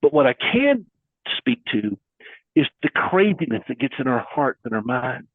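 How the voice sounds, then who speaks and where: A man's voice: medium pitch, very animated, normal speed, no room sound. A middle-aged man speaking earnestly and preacherly in a conversational interview, with folksy metaphors. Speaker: guest caregiver advocate. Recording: husky voice over a thin phone-like line.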